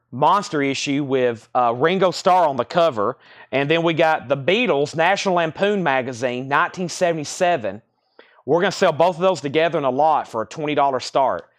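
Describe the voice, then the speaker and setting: A man hosting a live record sale stream, briskly calling out titles and prices, slightly out of breath. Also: a little high, dry recording, clean studio sound. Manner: brisk auctioneer-style patter, calling out prices.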